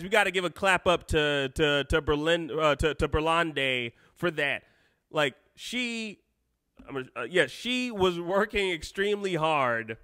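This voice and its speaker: Man, live-stream host, unscripted chat, rambling and excitable, forceful voice, dry close sound. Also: fairly high pitch, no echo. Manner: rambling and excitable, lots of fillers and restarts.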